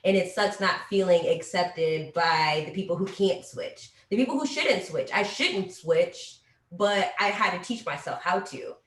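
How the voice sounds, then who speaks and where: A woman's voice: lowish voice, a little slow. A woman from Atlanta co-hosting a casual discussion, speaking frankly and candidly. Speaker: podcast co-host. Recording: echoey, distant from the mic.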